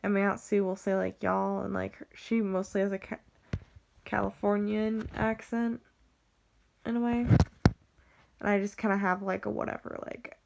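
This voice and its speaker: A young vlogger with a Western US, General American accent rambles about her family in a level, medium-pitched voice at normal speed, using "like" constantly and restarting often. There's vocal fry, a slightly mellow tone, long pauses, and slight background noise.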